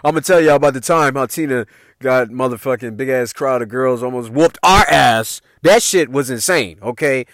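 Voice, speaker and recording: A man's voice: mid-range voice, moderate pace, a bit bright, dry recording, clean studio sound. A man hosting a podcast, telling family stories in loose, profane street slang. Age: adult parent. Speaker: podcast host. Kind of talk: casual storytelling.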